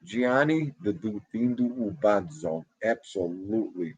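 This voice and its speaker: Husky, slow-talking livestream host. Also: male voice, medium pitch, dry recording. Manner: animated, talks loudly, greets chatters by name. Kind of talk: casual livestream chat reading comments. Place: home room.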